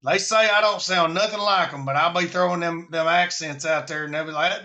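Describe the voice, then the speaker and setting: A man's voice: on the high side, fairly even intonation, fairly quick, pushed and bright, muffled recording. A man from Alabama with a Southern accent, hosting a casual live stream about preparedness in a folksy, rambling way.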